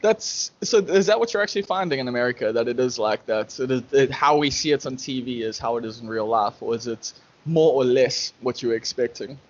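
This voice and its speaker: A man's voice: medium pitch, brisk, few pauses, highs cut off. A man hosting a casual interview, thinking aloud in a rambling way. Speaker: podcast host.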